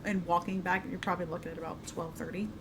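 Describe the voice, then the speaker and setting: A woman narrating as game master of a tabletop game, hesitant and halting, with frequent fillers. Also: fairly low pitch, little pitch movement, noisy background.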